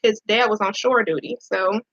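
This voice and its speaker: A woman's voice: medium pitch, steady tone, normal speed, fairly bright tone, lo-fi sound. A woman, a Navy veteran and police officer, candidly telling her own story to viewers, near tears and often repeating herself. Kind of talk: emotional personal storytelling to viewers.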